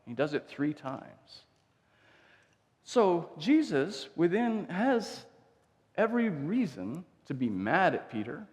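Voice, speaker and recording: A man preaching a sermon, telling the story in a conversational way and acting out the quotes. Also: fairly high pitch. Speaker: pastor. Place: church sanctuary. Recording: long church reverb.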